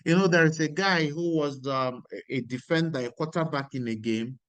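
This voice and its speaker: A man's voice: fairly high pitch, normal speed, dry recording. A man giving a motivational lecture, emphatic and repeating key lines. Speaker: speaker.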